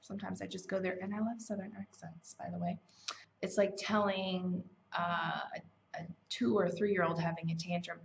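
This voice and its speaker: A woman's voice: fairly low pitch, fairly even intonation, normal speed, vocal fry, a little hiss or hum. A woman hosting a self-help challenge, talking in a casual, conversational way with fillers and self-corrections. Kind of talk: casual motivational teaching. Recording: slightly dull, lo-fi sound.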